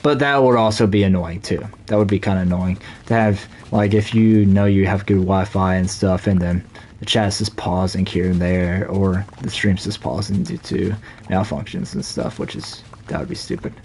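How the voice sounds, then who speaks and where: A man's voice: low-pitched, fairly even intonation, normal speed, darkish tone, a little hiss or hum. A young man with a Southern US accent, chatting casually and rambling with many fillers while he streams a game. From Southern United States. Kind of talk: casual live-stream chat while playing.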